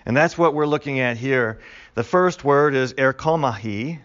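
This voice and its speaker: A man's voice: mid-range voice, moderate pace, fairly bright tone, lo-fi sound. A man teaching a Bible study class in a conversational way, repeating key words with emphasis for the group.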